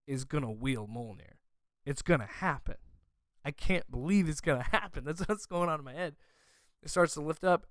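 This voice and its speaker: A young man hosting a podcast, gushing emotionally about a movie with many excited restarts. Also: a little high, clear, resonant tone, no room sound. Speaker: podcast host.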